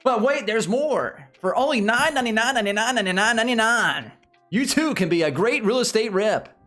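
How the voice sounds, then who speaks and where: A man with a Southern US accent putting on a pushy male infomercial salesman's hard-sell pitch. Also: expressive, fairly quick, a bit bright, soft background music.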